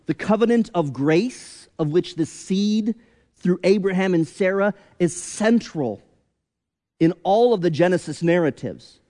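A man preaching a sermon as pastor, deliberate and emphatic, with rhetorical questions. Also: high voice, animated, mellow, long reverb tail.

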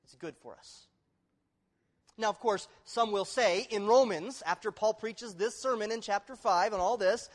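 A male pastor delivers a sermon in a slightly high voice, rising to loud, emphatic declarations and then sinking to hushed, earnest appeals. His words ring out with the long reverb of a large church hall. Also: animated, moderate pace. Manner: emphatic preaching that swings from loud exclamations to low, hushed appeals. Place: church sanctuary.

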